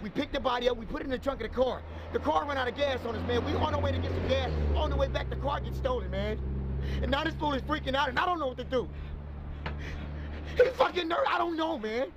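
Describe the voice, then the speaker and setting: A man playing a frantic, high-pitched street hustler. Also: very fast, dull audio, noisy background. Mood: anxious. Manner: frantic, cursing, talks to himself. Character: panicky young male street hustler. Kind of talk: low-budget comedy film acting. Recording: film audio with music underneath.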